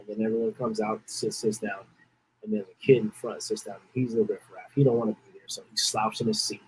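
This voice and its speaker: Husky-voiced man, rambling and emotional. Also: medium pitch, poor audio. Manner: emotional, rambling, repeats phrases. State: holding back tears. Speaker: podcast host. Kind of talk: casual storytelling monologue.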